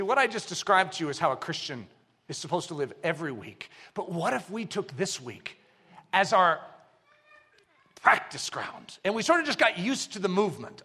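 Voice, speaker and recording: Lively high-voiced preacher with wide swings. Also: male voice, husky. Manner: animated preaching, swinging from loud bursts to hushed low lines. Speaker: pastor. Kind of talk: sermon.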